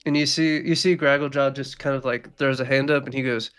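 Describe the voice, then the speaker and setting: A man's voice: mid-range voice, steady tone, brisk, fairly bright tone, clean tone. Man narrating as game master. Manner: loose, filler-heavy description with lots of "like".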